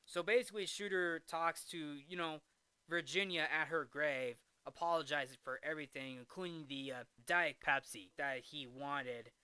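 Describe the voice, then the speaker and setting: A man's voice: a little high, pushed and bright, clear, resonant tone, no echo. A man hosting a casual film recap, rambling with frequent restarts and fillers.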